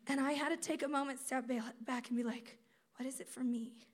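A woman giving a sermon at a conference, conversational and animated, acting out quotes as she teaches. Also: high-pitched, brisk. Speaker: speaker at a campus ministry conference.

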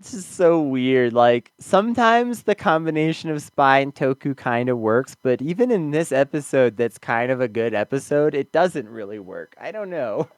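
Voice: mid-range voice, expressive, normal speed, few pauses, no echo. A podcast co-host in casual review chat, laid-back and hedging with fillers.

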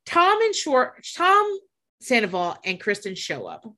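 A woman co-hosting a podcast in casual chat, animated and gossipy, laughing often and swearing freely. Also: a little high, measured pace. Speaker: podcast co-host.

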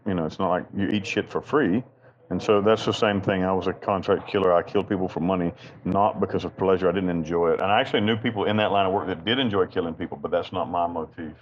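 A man's voice: low voice, steady tone, fast, lo-fi sound. A man from Western North Carolina, an interview guest telling stories in a rambling, blunt, profane and self-mocking way. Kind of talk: candid storytelling interview.

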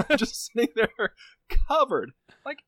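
A man's voice: very high voice, big pitch swings, unhurried, sharp tone, dry recording. A man telling a crude comic story on a podcast, rambling and profane, full of "like". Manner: rambling, heavy on filler "like", profane.

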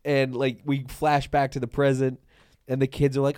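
A man's voice: mid-range voice, completely flat delivery, normal speed, darkish tone, clear, resonant tone, dry recording, studio quality. A young man co-hosting a casual chat, joking and laughing as he retells scenes. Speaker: podcast co-host.

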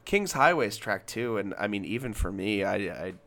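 A man's voice: fairly low pitch, sing-song, moderate pace, fairly bright tone. A young man from Alabama, a podcast co-host in casual music chat, who rambles, reads passages aloud and restarts his sentences often.

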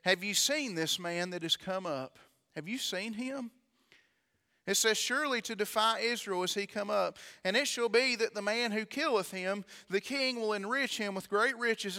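A man's voice: sits high, pushed and bright, clean tone. A man preaching a sermon, reading scripture aloud and building to fervent delivery. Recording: long reverb of a large hall.

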